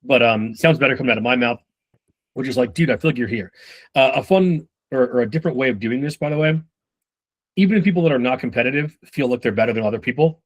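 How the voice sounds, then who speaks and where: A man giving casual sales-management coaching, talking loosely and with profanity while acting out quick snippets of conversation. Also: medium pitch. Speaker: sales trainer.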